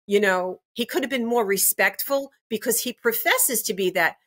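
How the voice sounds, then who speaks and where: A woman's voice: a little high, normal speed, fairly bright tone. An older woman and grandmother giving an interview, talking emphatically and indignantly, often repeating herself. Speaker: interview guest.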